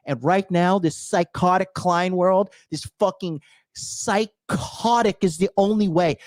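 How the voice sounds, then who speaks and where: A man's voice: high voice, slow pace, no echo, clean studio sound. Aggressive profane man ranting. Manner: aggressive, profane, shouting and mocking. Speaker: podcast host. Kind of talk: profane commentary rant.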